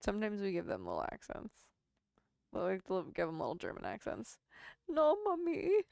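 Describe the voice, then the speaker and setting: A woman's voice: on the low side, very animated, a little fast, gravelly, darkish tone, no echo, clean studio sound. A woman chatting casually at home as she works on a sewing pattern and coos baby talk to her cat. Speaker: sewing vlogger. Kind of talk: casual chat while sewing.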